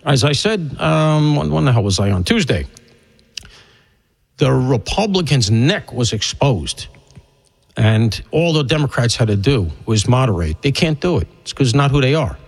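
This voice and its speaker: A man's voice: mid-range voice, big pitch swings, normal speed, vocal fry, low-quality recording. A man hosting a radio talk show, delivering an opinionated, rambling monologue with emphatic punches and wry asides.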